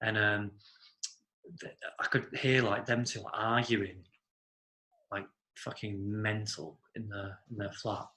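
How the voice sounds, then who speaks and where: A man's voice: on the low side, level tone, takes it slowly, pauses often, bright, forceful tone. A young man telling a rambling story among friends, full of 'like' and casual swearing. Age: young adult. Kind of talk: casual chat. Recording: roomy echo.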